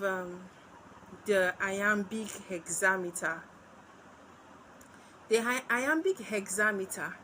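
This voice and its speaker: A woman's voice: mid-range voice, sharp tone, a little hiss or hum, poor audio. A woman with a Nigerian English accent teaching a literature lesson, repeating key points and checking in with "okay?". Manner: slow, repetitive, checks in with "okay?". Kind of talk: exam-prep literature lesson.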